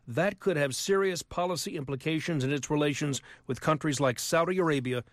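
A man reporting the news in a brisk, scripted delivery. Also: fairly high pitch, no echo, studio quality.

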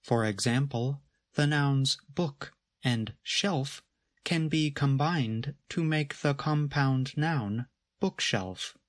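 A man narrating a scripted grammar lesson in a measured, explanatory way. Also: medium pitch, no room sound. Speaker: grammar teacher.

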